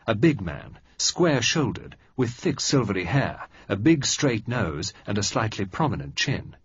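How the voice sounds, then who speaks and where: A man narrating an audiobook in a steady, even storytelling manner. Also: on the low side, breathy edge, no room sound. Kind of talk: scripted narration. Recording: slightly muffled dry recording.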